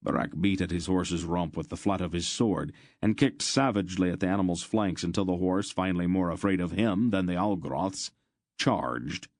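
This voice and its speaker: A man narrating an audiobook in a steady, measured way. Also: deep voice, no echo.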